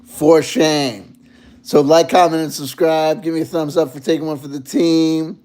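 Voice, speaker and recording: A man vlogging in casual chat, rambling and animated, full of fillers. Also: fairly high pitch, measured pace.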